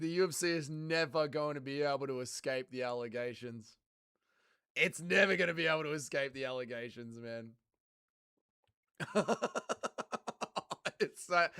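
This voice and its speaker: Australian male streamer, profane banter, crisp and sharp tone. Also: fairly high pitch, normal speed. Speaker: livestream host. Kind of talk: casual livestream chat, reading viewer comments.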